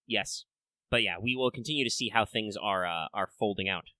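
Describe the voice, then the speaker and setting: This male podcast host has a lowish, forceful, bright voice and talks a little fast, captured close and dry with no echo. He wanders through his explanations to listeners, stuffing them with fillers and false starts.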